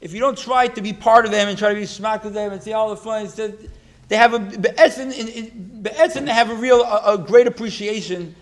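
A man giving a religious talk, telling a story in a halting way, with many restarts and repeated words. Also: sits high. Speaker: religious teacher.

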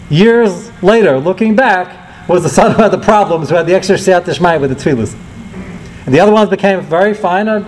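A man's voice: sits high, slight background noise, low-quality recording. A middle-aged man, giving a Torah lecture as a rabbi and telling stories with acted quotes. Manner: storytelling, lively acted quotes, rising and falling delivery.

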